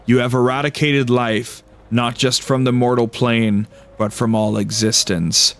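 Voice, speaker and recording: An otherworldly being of light speaks slowly and solemnly, as a man puts it on while reading aloud. When struck it breaks into squeaky, panicked cries. The voice is mid-pitched for a man. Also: little pitch movement, a bit bright. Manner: solemn and slow, then squeaky and panicked in pain. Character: serene cosmic being of light, genderless.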